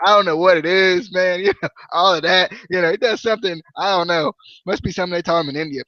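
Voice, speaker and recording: A man hosting a podcast, chatting casually and jokily about a wrestling show in a rambling, animated way. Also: high voice, fast, dry recording, dull audio. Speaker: podcast host. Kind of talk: casual wrestling review chat.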